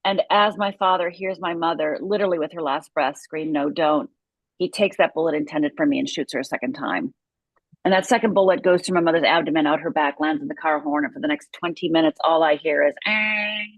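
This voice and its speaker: A woman's voice: low-pitched, steady tone, quick pace, dry recording, dull audio. A middle-aged woman from Upper Michigan, a guest telling her life story with intense, vivid storytelling. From Upper Michigan, USA. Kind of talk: personal story in an interview.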